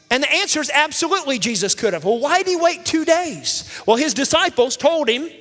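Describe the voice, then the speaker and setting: A man telling a Bible story to children in lively style, energetically calling for the audience to answer back. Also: very high-pitched. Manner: energetic, calls out for audience responses. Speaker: children's minister. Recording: long reverb from a large hall.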